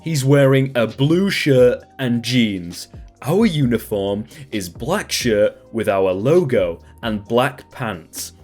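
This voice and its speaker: A man's voice: medium pitch, expressive, slow, darkish tone, faint music behind. A man reading a story aloud, voicing a polite but firm male restaurant manager.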